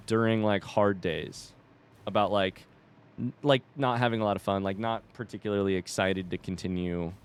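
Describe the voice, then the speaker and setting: A man's voice: fairly low pitch, clear, resonant tone. Rambling young man telling a story. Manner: rambling, fillers and restarts, casual swearing. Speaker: streamer and youth cross country coach. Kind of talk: casual storytelling while gaming.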